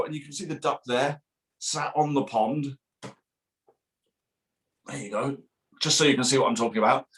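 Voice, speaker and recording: A man with a mid-range, slightly bright voice reads his own picture book to children at a bookshop event streamed online. He keeps a brisk pace, sing-song and playful, showing off silly noises along the way.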